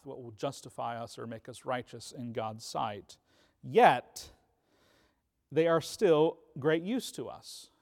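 A man's voice: medium pitch, a little mellow. Male teacher, conversational church class lecture, lots of ums, long hall reverb. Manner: conversational, frequent ums and "right?".

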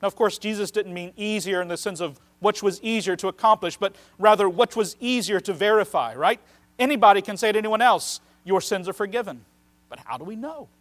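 A pastor delivers a sermon in a notably high voice. He speaks earnestly, drawing out key phrases for emphasis. His loudness swings widely between loud stresses and hushed asides. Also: brisk.

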